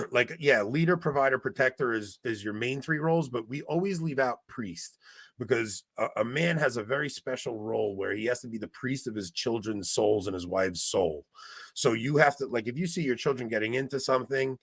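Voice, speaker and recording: A man in casual podcast chat, telling stories in an animated way and getting loud when he retells a fight. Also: mid-range voice, normal speed, husky, no echo. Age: 20s. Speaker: podcast co-host.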